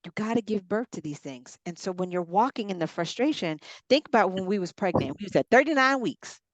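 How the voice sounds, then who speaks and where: A woman's voice: mid-range voice, lively intonation, a little fast, no room sound. A woman, a ministry coach preaching in an encouraging way on a group call, repeating phrases and calling her listeners y'all. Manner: repetitive, exhorting, addresses listeners as y'all.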